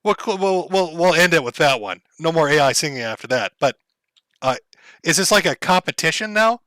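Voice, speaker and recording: A man's voice: on the high side, animated, moderate pace, bright, forceful tone, no echo. A man with a Minnesota accent hosting a livestream in casual, profane, rambling chat, chuckling often. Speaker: livestream host.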